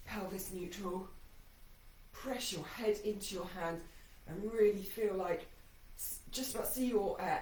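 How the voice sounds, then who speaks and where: A woman's voice: on the low side, recorded from a distance, slight background noise. Woman coaching a mat workout, echoey. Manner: encouraging cues paced to breathing, slightly breathless. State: shaky voice from exertion. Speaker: fitness instructor. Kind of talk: guided workout instruction.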